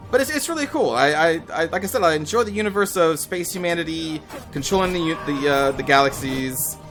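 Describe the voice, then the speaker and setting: A young man with a slightly high voice chats loosely over a game he is playing. He rambles, restarts his sentences, and drops the odd swear word. Faint music plays behind him. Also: sharp tone. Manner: rambling, chatty, with fillers and casual swearing. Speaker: gaming channel host. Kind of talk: casual commentary over gameplay.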